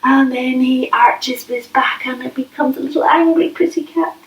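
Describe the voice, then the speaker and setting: A woman's voice: high voice, fairly even intonation, normal speed, distant mic, faint music behind. Woman, kids' yoga teacher, playful coaxing tone, echoey room, voice set back from the mic. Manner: gentle, playful, coaxing questions to children. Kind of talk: guided kids' yoga class.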